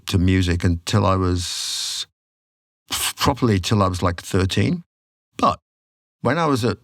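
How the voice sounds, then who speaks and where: A man, telling stories as a podcast guest in an animated, casual way. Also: on the low side, vocal fry, no room sound, studio quality. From England. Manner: animated storyteller, acts out quotes. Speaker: podcast guest, rock singer. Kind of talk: casual storytelling.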